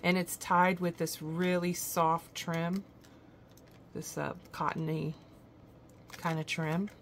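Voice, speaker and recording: Gushing low-voiced woman, slightly gravelly. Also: level tone, slow pace, a little hiss or hum. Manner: gushing, admiring. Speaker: craft channel host. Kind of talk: show-and-tell unboxing vlog.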